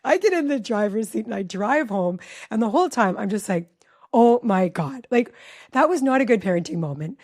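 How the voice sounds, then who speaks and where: A woman in her forties, a relationship educator, telling a personal story in an animated, chatty way with lots of "like" in a podcast interview. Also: fairly high pitch, brisk. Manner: animated, chatty, heavy use of "like".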